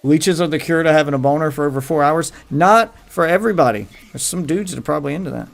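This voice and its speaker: A man's voice: on the high side, fast, gravelly. A man hosting his livestream, telling crude rambling stories in casual chat with faint music behind him. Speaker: livestream host.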